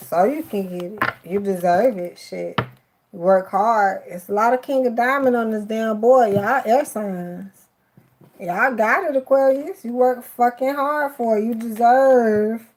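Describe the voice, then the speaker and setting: A woman's voice: mid-range voice, background noise. A woman with a Miami accent giving a live tarot reading, affectionate and emotional, cursing casually and sounding teary-eyed. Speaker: tarot card reader.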